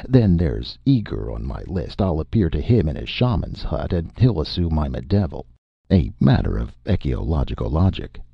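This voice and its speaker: Man voicing a pedantic tipsy robot, very low voice, gravelly. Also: big pitch swings, normal speed, no room sound, highs cut off, heavily acted. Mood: pompous. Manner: pedantic, slurring after the jolt. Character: pompous tipsy male robot from the future.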